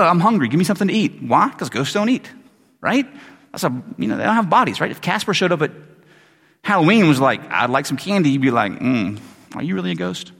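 A man preaching a sermon as pastor, in an animated, conversational way full of asides. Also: a little high, slightly rough. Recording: long reverb of a large hall.

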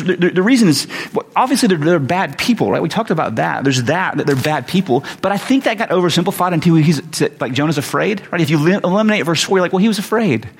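A man's voice: a little high, gravelly, slightly rough. A man preaching a sermon as a pastor, conversational with joking asides. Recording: long hall reverb.

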